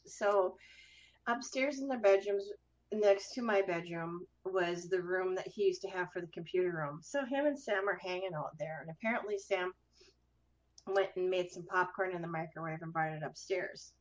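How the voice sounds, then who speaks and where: A woman with a voice on the low side hosts a casual chat show, speaking at normal speed. She tells a story as an animated storyteller, acting out the quoted voices, and the recording has a dull lo-fi sound.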